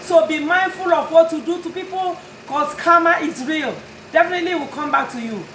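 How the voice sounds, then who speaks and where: Brisk and very high-pitched, with a bit of brightness, a notary and tag and title business owner speaks to her customers straight into the camera. Her tone is earnest and pleading yet firm. The rough recording is reverberant, with slight background noise.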